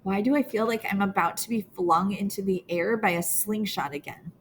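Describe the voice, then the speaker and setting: A woman's voice: medium pitch, normal speed, slight background noise. A woman reading a novel aloud in the first person, earnest and emotional, as a teenage girl telling her own story. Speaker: audiobook narrator.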